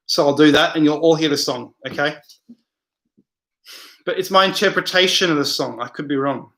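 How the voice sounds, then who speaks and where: Male stream host, slightly high and bright, chatty and hesitant as he reads out viewer comments. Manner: rambling, hesitant, many fillers, reads comments aloud. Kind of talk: casual live chat.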